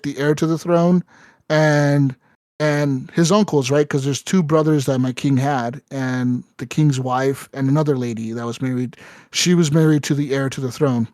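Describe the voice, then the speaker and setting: A man hosting a casual podcast, telling a story animatedly with lots of swearing and "right?" fillers. His voice sits a little higher than average. The recording is dry and close. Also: a little mellow, no room sound. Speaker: podcast host. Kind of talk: casual chat.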